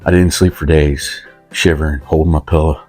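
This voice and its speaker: Low-voiced man in his fifties. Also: little pitch movement, normal speed, darkish tone, faint music behind. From West Virginia. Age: 50s. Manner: rambling, self-mocking, talks about himself in third person. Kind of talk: rambling comic monologue.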